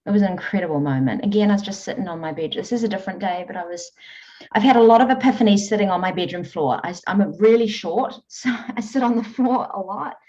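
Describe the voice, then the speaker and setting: A woman coach telling stories in an interview, earnest and animated. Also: medium pitch, quick pace. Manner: earnest, animated storytelling with frequent laughs. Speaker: guest, emotional eating coach. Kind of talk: conversational interview. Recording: dull lo-fi audio.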